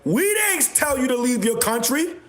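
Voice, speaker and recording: A man hosting a livestream, delivering a repetitive, confrontational rant with bursts of shouting. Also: very high voice, very animated, moderate pace. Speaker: livestream host. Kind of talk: ranting livestream monologue. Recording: echoey room.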